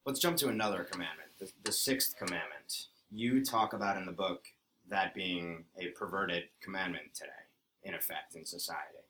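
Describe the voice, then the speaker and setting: A man interviewing a guest, asking brisk, direct questions. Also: deep voice, sharp tone, slight background noise.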